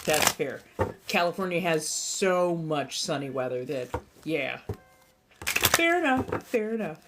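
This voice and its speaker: A woman's voice: low voice, slow pace, very noisy. Chatty Southern-tinged American woman streamer. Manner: animated, laughing, reacting to chat. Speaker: livestream host. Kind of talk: casual livestream chat.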